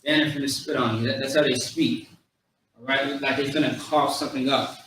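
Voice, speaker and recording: A man giving an informal lesson, slowly repeating and drawing out each sound. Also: mid-range voice, steady tone, fairly bright tone. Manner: slow, repetitive, drawing out sounds. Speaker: teacher. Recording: echoey room, distant mic, faint noise.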